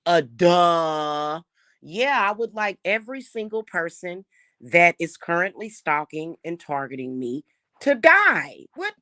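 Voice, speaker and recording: A woman's voice: on the low side, sing-song, slow pace, sharp tone, no echo, studio quality. A middle-aged woman ranting to camera in a vlog. She sounds heated and profane, repeats herself and often restarts her sentences. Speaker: spiritual reader and spellwork vlogger. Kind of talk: unscripted angry rant to camera.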